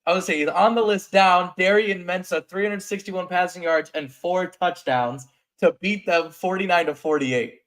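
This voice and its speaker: A man co-hosting a sports show, running through stats one after another in a quick list. His voice sits a little high. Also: a bit bright. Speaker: co-host. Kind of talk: casual sports chat.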